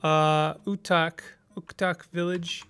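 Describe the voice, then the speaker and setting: Smooth-voiced man narrating a strategy game. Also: fairly high pitch, little pitch movement, slow pace, fairly bright tone, soft background music. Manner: thinking aloud, hesitant with restarts while deciding moves. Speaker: gamer playing a text-based strategy game. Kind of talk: casual let's play commentary, reading game text aloud.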